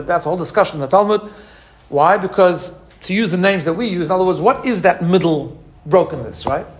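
Guy with a high voice teaching a religious lesson, animated, mimics sounds. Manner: animated, imitates shofar sounds, restarts often. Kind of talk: teaching talk.

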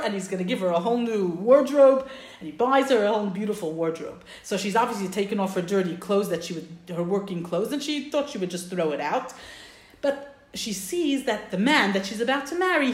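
A woman teaching a class over a video call, telling a parable in an animated, emphatic way. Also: mid-range voice, echoey room. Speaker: religious teacher.

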